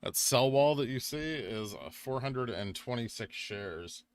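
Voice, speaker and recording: A man hosting a live trading stream, reading chat aloud and talking casually with lots of fillers, drifting from quiet murmurs to excited bursts. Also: mid-range voice, measured pace. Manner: rambling, filler-heavy, swings from quiet muttering to excited bursts. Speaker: livestream trading host.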